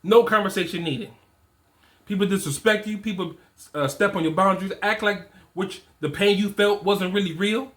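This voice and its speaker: A man's voice: sits high, moderate pace, fairly bright tone. A man in his forties giving casual, emphatic motivational talk to other men, repeating his points with slang. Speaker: fatherhood and men's coach.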